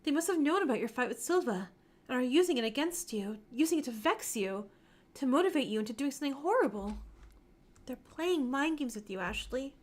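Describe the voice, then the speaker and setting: A woman's voice: high-pitched, lively intonation, a little fast. A woman voicing a young heroine who speaks firmly and reassuringly to a friend in a fan-made visual novel.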